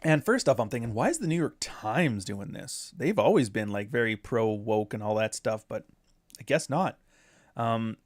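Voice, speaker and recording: A man of middle pitch talks through a casual commentary, wandering off on tangents with sarcastic jabs. The sound is close and dry, with no room around it. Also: no echo. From Canada. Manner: rambling, sarcastic asides. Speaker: commentary host.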